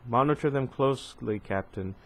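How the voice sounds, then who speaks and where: A man's voice: medium pitch, moderate pace, close to an everyday voice. A man doing a cool, calculating alien admiral. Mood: calm, cool.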